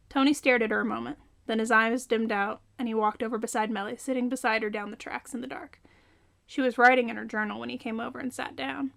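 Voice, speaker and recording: A woman reading her own fantasy novel aloud as scripted narration, even and unhurried. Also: on the high side, gravelly.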